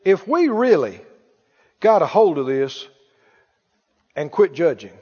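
On the high side and mellow with a breathy edge, the pastor's very animated voice moves at a slow pace. He emphatically preaches to a live congregation, repeating key phrases and asking if they hear him, in an echoey hall recorded with dull lo-fi quality.

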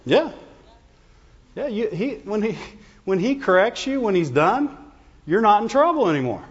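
A man's voice sits high with big pitch swings and a breathy edge, moving at a moderate pace. He's a pastor preaching conversationally to his congregation in the sanctuary, frequently checking in with "Amen?" and "Right?", captured in a dull, reverberant recording.

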